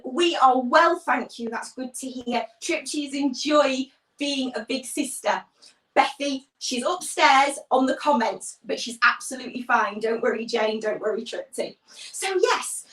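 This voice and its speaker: A woman's voice: high voice, far from the mic. A woman leading a children's church livestream, animatedly telling a Bible story and greeting viewers from the comments. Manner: animated, acts out voices, reads viewer comments. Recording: echoey room, off-mic.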